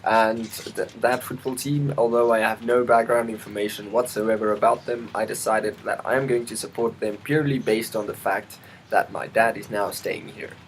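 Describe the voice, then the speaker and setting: A man's voice: on the low side, steady tone, moderate pace, a little hiss or hum, rough recording. A man vlogging in a casual, rambling monologue, full of ums, restarts and side remarks. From South Africa. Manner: rambling, self-interrupting, many ums and restarts; chatty, asides to the weather.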